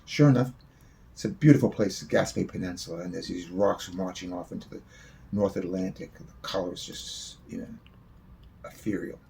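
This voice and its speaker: A man tells a long personal anecdote, wandering from detail to detail. His voice sits low with a gravelly, creaky edge. His speech is loose and profane, and a faint background hum lies under it. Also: big pitch swings, moderate pace, dark tone. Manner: long-winded, swears freely. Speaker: storyteller.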